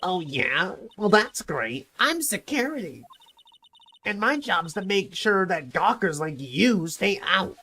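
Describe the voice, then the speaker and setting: Guy doing a croaky old lady guard, high and swoopy, nosy and scolding, sore throat showing. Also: big pitch swings, slow pace, pushed and bright, soft background music, heavily acted. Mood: gruff. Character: nosy old female studio security guard, chatty and scolding.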